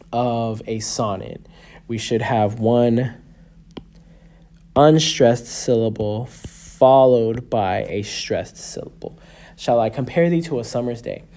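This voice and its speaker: A man's voice: medium pitch, warm tone. A man in his thirties teaching a class, patiently explaining and often checking in with "okay?" or "right?". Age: 30s. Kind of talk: classroom lecture.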